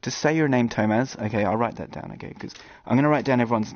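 A man's voice: mid-range voice, fast, dry recording. Rambling jokey male streamer, lo-fi dry sound. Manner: rambling and jokey, with sudden loud outbursts. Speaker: gaming streamer. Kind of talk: casual live-stream chat.

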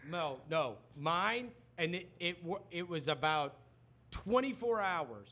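Animated high-voiced male sports host. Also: slow pace. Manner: animated storytelling, acts out quotes. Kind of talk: casual studio banter. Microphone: studio microphone.

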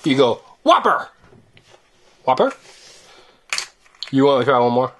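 A woman's voice: rumbling low, fast. A woman hosting a toy-unboxing video, chatting playfully and teasingly with a child as they open surprise eggs. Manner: animated, teasing, sing-song. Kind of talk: playful chat with a child while opening toys.

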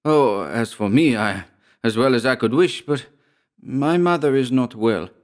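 A man's voice: medium pitch, unhurried, voice pushed up, lightly acted. A man voicing a stingy, indecisive peasant farmer who stammers and wheedles in a storybook reading. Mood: wheedling.

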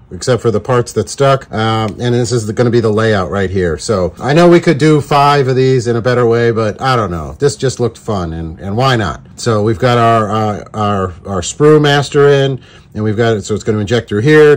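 Jokey man hosting a DIY lure video. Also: medium pitch. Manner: jokey, goofy wordplay. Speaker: host making fishing lures. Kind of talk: casual DIY tutorial.

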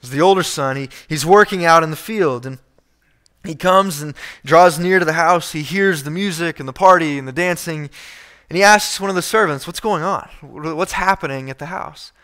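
A man's voice: fairly high pitch, normal speed, bright, forceful tone. A male pastor preaching a conversational sermon, reading scripture and acting out the quoted speakers, with frequent restarts.

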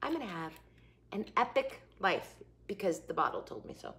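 A middle-aged woman hosting a casual food review vlog, chatty and jokey, with quick asides that sometimes drop to a whisper. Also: medium pitch, big pitch swings, a bit bright. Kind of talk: casual chat to camera.

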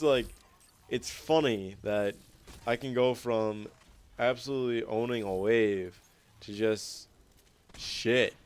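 Young male gameplay commentator, lower voice, smooth and clear, rambling and profane. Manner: rambling, swears a lot, self-mocking.

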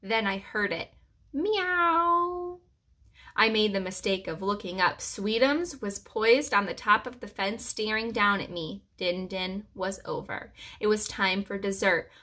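Bright-voiced woman reading to preschoolers. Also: medium pitch, a little slow, few pauses. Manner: gentle reassuring storyteller. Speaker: preschool teacher. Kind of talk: reading a chapter book aloud to children.

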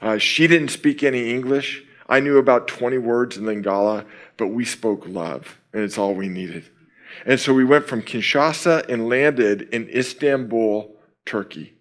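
A middle-aged man giving a sermon at a camp, opening in prayer and then telling a personal story with lively quoted dialogue. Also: mid-range voice, unhurried. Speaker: camp speaker.

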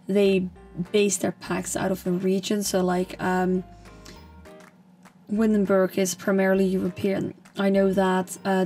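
A young gaming channel host rambles casually over footage of a game build, chatty and full of fillers and restarts. Her mid-range voice has a dark tone and sounds slightly strained and fading.

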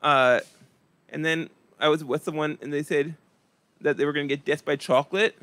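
A man performing a stand-up comedy set with a flat, deadpan, monotone delivery. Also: on the high side, normal speed, no echo.

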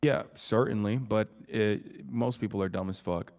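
Man, low pitch, gravelly fry, casual crude streamer chat, tired and sick. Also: moderate pace, a little mellow. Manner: crude, swears a lot, jokey.

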